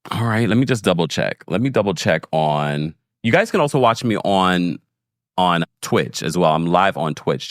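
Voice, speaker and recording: A man's voice: low voice, dry recording, studio quality. A man in casual livestream chat, recapping a reality show and reading viewer comments aloud with laughs. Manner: animated, laughing, talks straight to viewers.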